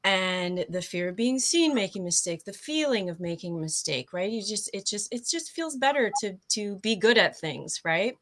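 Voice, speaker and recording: A woman's voice: medium pitch, lively intonation, normal speed, few pauses, a bit bright. A woman guest coach explaining ideas in a casual interview, tripping over her words and laughing at herself.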